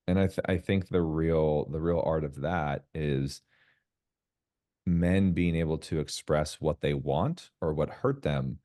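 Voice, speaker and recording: A man's voice: a bass voice, dark tone. A man, a podcast guest, talking frankly in casual conversation, swearing freely and acting out quoted dialogue in other voices.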